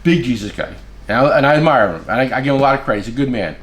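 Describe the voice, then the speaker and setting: Animated tool dealer man, lively voice. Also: mid-range voice, very fast, echoey room, a little hiss or hum. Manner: animated, acts out quoted voices, swears. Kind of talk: casual storytelling chat.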